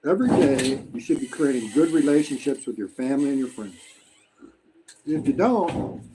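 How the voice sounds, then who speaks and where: A man's voice: mid-range voice, lively intonation, normal speed, heavy background noise. A man in his sixties from the United States, talking bluntly and preachily in a casual live-stream while eating, swearing freely. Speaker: vlogger. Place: home in the Philippines.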